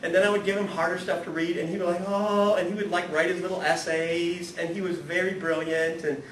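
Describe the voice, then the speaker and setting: A man giving a humorous, animated spiritual talk to a live audience, acting out the people in his stories and swinging from hushed to loud. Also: sits high, fast. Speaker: guest speaker at a spirituality talk series. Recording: echoey room, voice from far off, audible noise.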